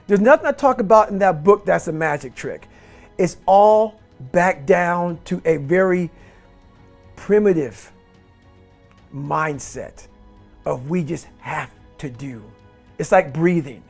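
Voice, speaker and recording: A man with a gravelly, fairly high voice drives home a motivational message, blunt and intense, swearing as he goes. He speaks as an interview guest, with faint music behind. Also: darkish tone. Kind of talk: motivational talk.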